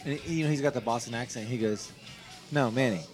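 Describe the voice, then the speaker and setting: A man chatting casually, excitable and stumbling over repeated words. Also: mid-range voice, rapid-fire, soft background music. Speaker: golfer and guest. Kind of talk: casual chat.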